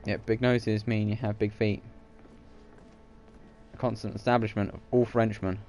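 A man's voice: fairly low pitch, flat delivery, normal speed, darkish tone, slight background noise. A man commentating his gameplay with silly, jokey asides. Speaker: let's play host. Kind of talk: gaming commentary.

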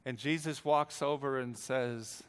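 An older man preaching a storytelling sermon, swinging between hushed and loud lines. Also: medium pitch, fairly even intonation, unhurried, smooth, in a large hall. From United States.

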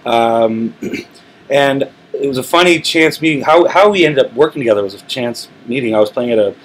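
A man's voice: medium pitch, moderate pace, poor audio. A male musician in a studio interview, telling rambling stories with lots of restarts. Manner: relaxed, rambling storytelling with frequent restarts. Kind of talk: casual interview talk. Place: recording studio.

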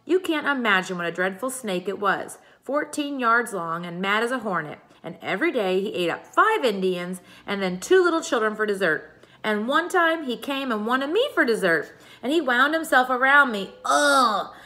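A woman's voice: medium pitch, fairly quick, pushed and bright, lightly acted, rough recording. A woman reading aloud and voicing a cheeky, fearless young girl who boasts in tall tales. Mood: boastful. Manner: bold, tall-tale boasting.

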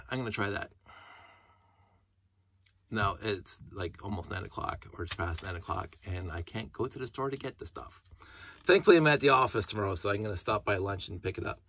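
A man's voice: lowish voice, moderate pace, pauses often, a bit bright. A middle-aged man talking in a casual, rambling monologue, going off on tangents and humming to himself. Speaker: hobbyist vlogger.

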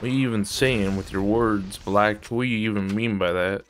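Swearing streamer yelling at a hard game. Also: male voice, fairly low pitch, steady tone, moderate pace, a little hiss or hum. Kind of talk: casual gameplay commentary.

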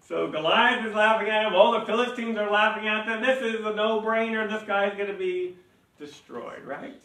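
A man preaching a sermon as pastor, animated and laughing, acting out mocking voices as he reads. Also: high voice, fairly quick. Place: church sanctuary. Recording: echoey church hall, mic at a distance.

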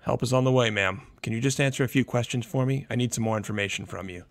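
A man doing a monotone emergency dispatcher. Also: medium pitch, fast, dry recording, lightly acted. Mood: businesslike. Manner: monotone, calm, procedural.

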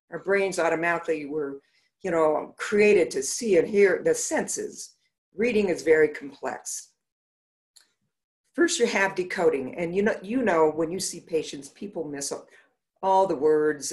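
Woman presenting, acting out stories. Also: low voice. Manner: animated, acts out patients' dialogue. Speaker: optometrist presenting to a conference. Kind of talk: conference talk with storytelling.

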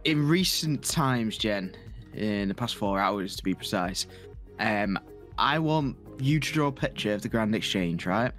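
A man's voice: lowish voice, animated, a little slow, fairly bright tone, soft background music. Cheeky lad teasing his mate. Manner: cheeky, teasing, acts out other people in his stories. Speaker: co-host. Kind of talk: casual gaming banter.

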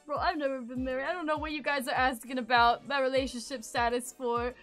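Loud, bright-voiced young woman streamer. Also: high voice, fairly even intonation, fast, hardly any pauses, faint music behind. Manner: loud, hyper, swearing, sudden yells. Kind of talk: casual chat with viewers. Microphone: streaming desk mic.

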